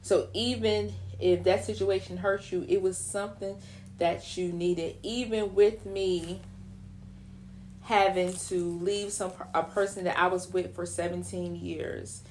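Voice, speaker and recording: Animated woman radio host, preachy. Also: fairly low pitch, a little slow, a little hiss or hum. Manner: animated, preachy, slips into mocking quoted voices. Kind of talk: casual radio talk, motivational.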